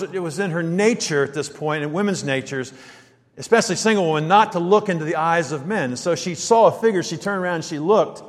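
Man preaching, high voice, animated, rhetorical questions, long hall reverb. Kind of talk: sermon.

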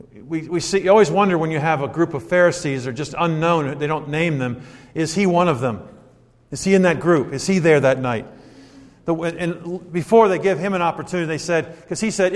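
A male preacher reads scripture and muses on it in a conversational, questioning way, pausing to correct himself. His voice sits a little high. It carries a long reverb from the church sanctuary. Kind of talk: sermon with scripture reading.

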